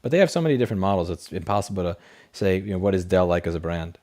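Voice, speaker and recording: A man's voice: low-pitched, expressive, rapid-fire, darkish tone. A man hosting a casual late-night livestream, reading chat questions and answering in a blunt, profane, rambling way through a desk microphone.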